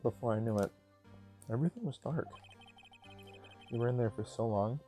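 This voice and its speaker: A man's voice: medium pitch, moderate pace, warm tone, soft background music. A young man casually reading game dialogue aloud with offhand asides, recorded on an earbud mic.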